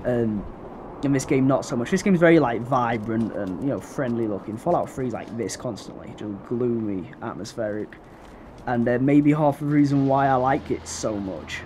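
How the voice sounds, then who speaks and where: A young man giving casual let's-play commentary, chatty and slangy with excitable bursts. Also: mid-range voice, normal speed, slight background noise. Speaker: gameplay commentator.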